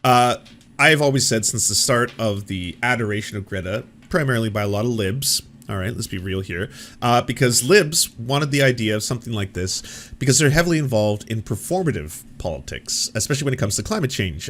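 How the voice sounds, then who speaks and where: A male commentary host who rambles through his points with a sarcastic, profane edge. His voice sits at an ordinary middle pitch. He talks the way people do in unscripted reaction videos. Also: animated, a little fast, fairly bright tone, a little hiss or hum. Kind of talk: casual commentary reacting to clips.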